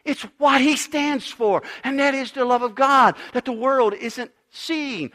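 A middle-aged pastor preaching a sermon, emphatic, dropping to a hush and then rising loud again. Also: male voice, very high-pitched, a little slow. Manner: emphatic preaching, swinging between loud and hushed.

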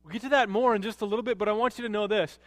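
A man preaching a sermon as a pastor, animated, rising to emphatic peaks and dropping low to quote. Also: very fast, no room sound, in a large hall.

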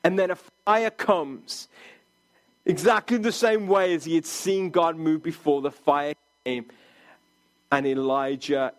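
A man with a notably high voice preaches slowly and deliberately. He delivers an earnest sermon and sometimes sinks to a hushed tone for quoted words. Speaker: pastor.

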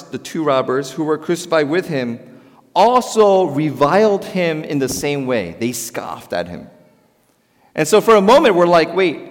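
A man preaching a sermon as a pastor, animated, swinging between loud emphasis and quiet, softer passages. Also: medium pitch. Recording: long hall reverb.

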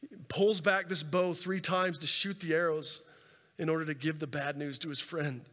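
A man preaching a sermon and telling a scripture story with animated delivery, swinging between loud and soft and repeating words as he goes. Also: on the high side, moderate pace. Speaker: pastor. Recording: reverberant hall sound.

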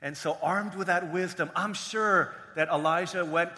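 A male pastor with a bright, forceful voice tells a story from the pulpit, slipping into playful voices for the people he quotes. His voice rings out with a long church reverb behind it. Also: sits high, steady tone, moderate pace, few pauses. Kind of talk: sermon with personal story.

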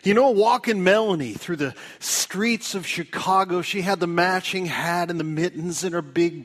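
A male pastor preaching a sermon, telling stories with big rises in pitch and dropping low and soft to stress key points. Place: church.

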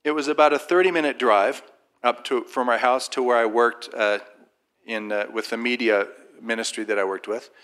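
Brief: man, bright, forceful voice, informal faith testimony, lively storyteller who mimics others. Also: mid-range voice, moderate pace, clean tone. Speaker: Christian speaker sharing a personal testimony.

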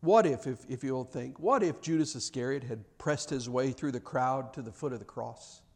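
A man preaching a sermon, impassioned and emphatic, often repeating words and building to loud cries. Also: medium pitch, moderate pace.

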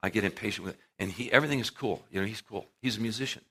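A middle-aged man preaching a sermon to a live audience, telling stories with animated swings in volume and acting out what people said. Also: on the low side, racing, husky. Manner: animated storytelling, acting out quotes with big swings in loudness.

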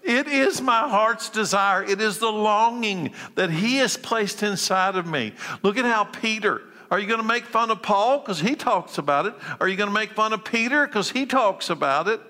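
A man preaching a sermon as pastor, swinging between urgent emphatic calls and low, quiet lines. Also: animated, normal speed, hardly any pauses. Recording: long reverb of a large hall.

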